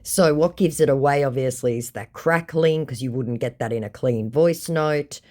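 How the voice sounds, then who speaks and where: A woman casually telling viewers about her exchanges with scammers in a sarcastic, animated way. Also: extremely low pitch, normal speed. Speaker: scam-baiting content creator.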